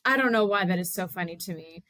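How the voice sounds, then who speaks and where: A woman co-hosting a podcast, chatting in a relaxed, joking way. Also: lowish voice, fast. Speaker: podcast co-host. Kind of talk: casual chat.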